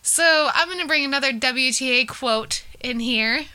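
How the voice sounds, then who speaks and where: Bright, crisp woman hosting a podcast. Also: sits high, moderate pace. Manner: hesitant, lots of ums and restarts. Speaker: podcast host presenting hike list. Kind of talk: casual podcast chat.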